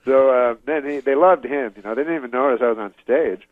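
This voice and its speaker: A man from Canada, telling a meandering anecdote as a comedian guest in a deadpan way, chuckling at his own story. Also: medium pitch, fast, no echo. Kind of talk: rambling anecdote in an interview. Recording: slightly muffled lo-fi audio, dry.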